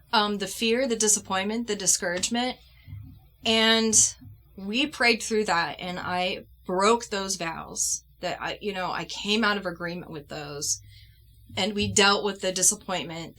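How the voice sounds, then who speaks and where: A woman doll-collector vlogger telling a personal story at home in an earnest, heartfelt way, pausing and restarting as she goes. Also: mid-range voice, bright, forceful tone.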